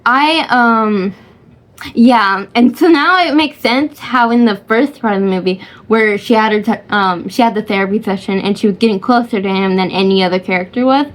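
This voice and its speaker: A woman's voice: mid-range voice, normal speed. A woman rambling casually about a film she watched, hesitant and giggly, full of fillers and restarts. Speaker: vlogger reviewing a film.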